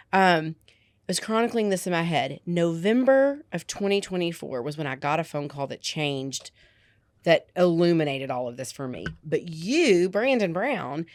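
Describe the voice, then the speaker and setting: A woman's voice: on the low side, dry recording. A woman with a slight lisp, co-hosting a podcast and telling a story in casual chat, quoting people as she goes. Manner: animated, quick retelling with quoted voices. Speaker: podcast co-host.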